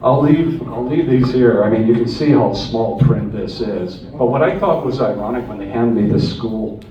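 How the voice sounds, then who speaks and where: A man's voice: mid-range voice, normal speed, dull audio, background noise. A man from Canada recounting his captivity to a live audience in an earnest, conversational way with frequent restarts. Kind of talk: personal storytelling talk. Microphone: phone recording from the audience. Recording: distant, echoey phone recording in a hall.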